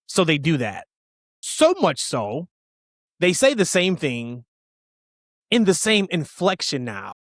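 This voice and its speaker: Emphatic fast-talking podcast man. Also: fairly high pitch, huge pitch swings, fairly bright tone, no room sound, clean studio sound. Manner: opinionated, emphatic, rapid tangents. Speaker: podcast co-host. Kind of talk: casual wrestling podcast chat.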